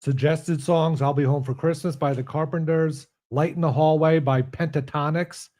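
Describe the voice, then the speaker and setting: A man with a fairly high voice joking around on a comedy podcast. He is easygoing and a bit hesitant, trailing off and restarting as he reads and riffs. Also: steady tone, normal speed, a little mellow. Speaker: podcast co-host. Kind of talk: casual comedy banter and script reading.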